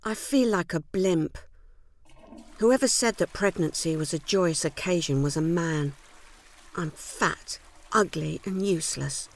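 An actress playing a weary housewife in a loveless marriage, narrating a scripted film monologue in a wry, rueful and quietly downcast way. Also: female voice, on the low side, measured pace. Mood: wistful.

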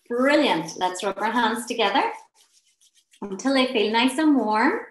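A woman guides a laughter and relaxation session, speaking in a slightly high voice. She takes her time and gives gentle, encouraging instructions. The room around her rings with a noticeable echo. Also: lively intonation, measured pace, a little hiss or hum. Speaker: wellness session leader.

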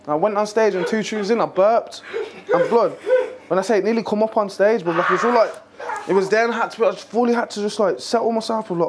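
Slangy young rapper, high voice. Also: male voice, fast, background noise. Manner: slangy, animated, swearing freely. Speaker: rapper on tour. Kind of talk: casual backstage chat.

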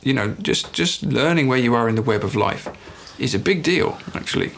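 A man's voice: medium pitch, lively intonation, fairly quick, a bit bright, slight background noise. A middle-aged English man musing about his children in a documentary interview, often restarting phrases as he searches for words. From England. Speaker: writer and father interviewed in a documentary.

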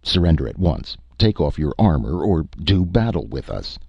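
Male reader as alien chief: formal, imperious, pitched up. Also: sing-song, moderate pace, creaky, darkish tone, husky, dry recording, highs cut off, exaggerated voice. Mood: commanding. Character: proud native male chief, jovial warlord.

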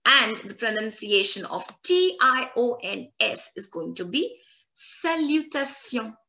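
A woman language instructor teaching an online lesson, repeating words slowly and clearly for learners. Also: fairly high pitch, sing-song, pushed and bright. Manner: slow, drawn-out repetition of French words for learners.

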